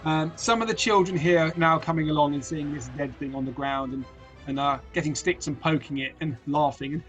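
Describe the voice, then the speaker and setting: A man's voice: a little high, fairly quick, a bit bright, highs cut off, soft background music. Hesitant man running a tabletop game. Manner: hesitant, full of fillers and restarts. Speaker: game master.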